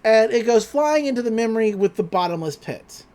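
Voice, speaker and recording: A man co-hosting a podcast, casually recapping a cartoon episode with animated energy. His pitch sits in the middle but swings widely as he tells the story. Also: fairly quick. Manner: animated retelling, quotes characters in put-on voices, laughs often. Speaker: podcast co-host.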